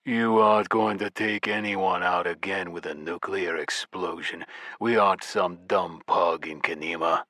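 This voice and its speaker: A man's voice: low voice, steady tone, measured pace, bright, forceful tone, no room sound, studio quality, heavily acted. A man voicing a hulking, angry male giant colonel who growls threats in an audiobook.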